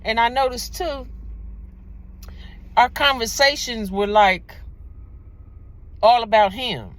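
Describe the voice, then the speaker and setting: A woman's voice: a little high, slow, fairly bright tone. A woman talking casually to her own camera, giving relationship advice with rambling, repetitive, emphatic storytelling.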